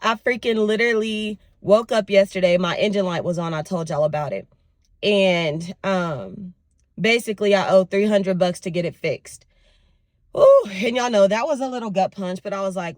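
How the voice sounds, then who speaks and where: A young woman vlogging casually to camera, telling her week in an expressive, venting way. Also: mid-range voice, normal speed, no room sound, studio quality. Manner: expressive, venting, lively storytelling. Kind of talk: casual vlog talk to camera.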